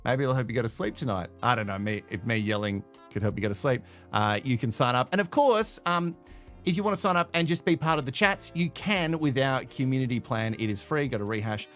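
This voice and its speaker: A man's voice: mid-range voice, lively intonation, fairly quick, a bit bright, faint music behind. A man hosting a live stream, rambling and self-deprecating, with many fillers. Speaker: host.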